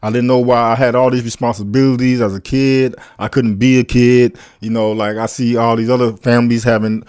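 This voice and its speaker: A man's voice: mid-range voice, flat delivery, a little mellow, clear, resonant tone, no room sound. Earnest reflective man, dry sound. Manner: reflective and earnest, with halting restarts. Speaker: podcast guest. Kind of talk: casual conversational storytelling.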